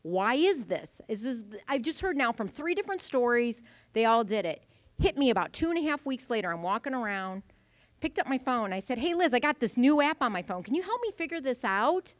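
A woman in her forties giving a lively conference presentation, telling stories and acting out the voices. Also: a little high, a little fast, no room sound. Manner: animated storytelling, acting out voices. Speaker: conference speaker. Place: event venue.

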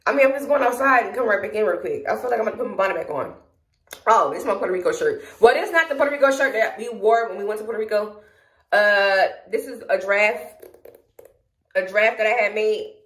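A woman's voice: mid-range voice, a bit bright, reverberant. A young Southern woman from Georgia chatting casually to her phone camera at home, frustrated and rambling as she speaks her mind. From Georgia, USA. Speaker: vlogger. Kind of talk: casual vlog talk to camera. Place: at home, indoors.

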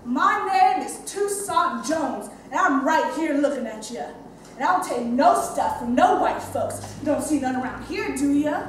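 A swaggering young street boy full of teasing bravado, as a high-voiced actress puts him on. The voice rings through a very echoey theater, heard from far back with a faint hiss. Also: lively intonation, a little slow. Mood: cocky. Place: theater stage.

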